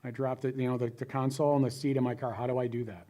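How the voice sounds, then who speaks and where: A man's voice: mid-range voice, little pitch movement, very fast, dark tone. A man answering audience questions after a philosophy talk, casual and self-deprecating, often acting out quoted voices. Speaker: guest speaker, philosophy teacher. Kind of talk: lecture Q&A, casual and animated.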